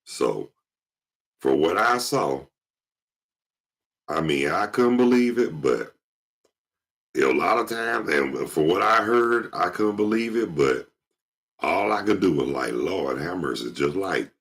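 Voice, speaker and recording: A man hosting his show, telling casual stories in an animated way and jumping into impressions. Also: low-pitched, slow pace, long pauses. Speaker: show host. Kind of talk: casual storytelling monologue.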